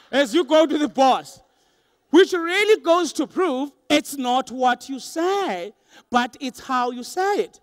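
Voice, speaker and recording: A young man with a high, light voice delivers a lively motivational talk to a big crowd. He acts out little scenes and voices for laughs. The sound is dry and close. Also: moderate pace, dry recording. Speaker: motivational speaker. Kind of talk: motivational keynote speech. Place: large hall with a live audience.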